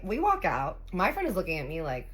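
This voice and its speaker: A young woman casually retelling a dramatic personal story, chatty and expressive, with the odd swear word. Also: lowish voice, brisk.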